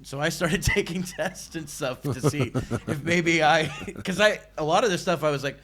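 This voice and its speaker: A man's voice: fairly high pitch, normal speed, hardly any pauses, a bit bright, a little hiss or hum. Rambling man on a podcast. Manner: rambling, many restarts and fillers. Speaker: podcast co-host. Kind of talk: casual chat.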